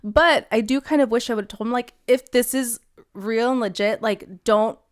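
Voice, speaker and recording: Chatty young woman with a smooth voice. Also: on the high side, normal speed. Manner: animated, laughs often, many likes. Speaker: podcast co-host. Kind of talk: casual storytelling chat.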